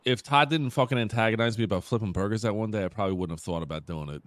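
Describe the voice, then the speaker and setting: A man with a very deep, low voice, chatting in character as a police officer during a roleplay session. He tells his stories bluntly, swearing often. He speaks through a close desk mic. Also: very fast, fairly bright tone, dry recording. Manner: profane, storytelling, blunt. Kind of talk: casual in-character roleplay chat.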